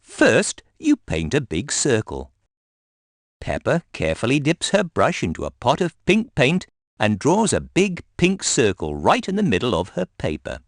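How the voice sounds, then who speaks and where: A man gently reading a children's storybook aloud in a sing-song, scripted narration. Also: medium pitch, wildly swooping pitch, moderate pace, vocal fry, dry recording, studio quality.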